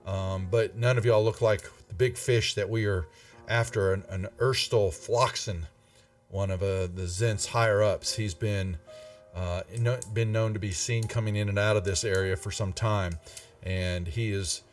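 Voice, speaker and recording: A man's voice: lowish voice, fairly even intonation, measured pace, natural voice. A man voicing a stern, law-abiding male town guard captain who barks commands, in a tabletop game. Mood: suspicious. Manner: gruff, barking commands. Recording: distant mic with faint music.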